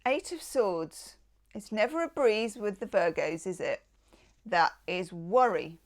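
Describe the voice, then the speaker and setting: A woman's voice: medium pitch, very animated, a little slow, darkish tone. A woman giving a tarot reading in a casual, enthusiastic and affectionate way, with chatty asides. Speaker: tarot reader.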